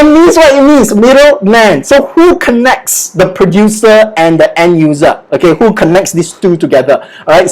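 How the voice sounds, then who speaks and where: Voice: mid-range voice, poor audio. A lecturer giving a livestreamed online business lesson. The lecturer keeps checking in with "okay" and "all right" and has students repeat words aloud. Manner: peppers speech with "okay" and "all right", drills pronunciation by repetition.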